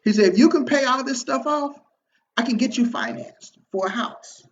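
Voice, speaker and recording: A man telling a personal story to his viewers in a casual, motivational way, slangy and animated, acting out the people he quotes. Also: very high-pitched, moderate pace, muffled recording. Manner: animated, slangy, repeats himself and acts out quoted dialogue. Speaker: online marketing video host.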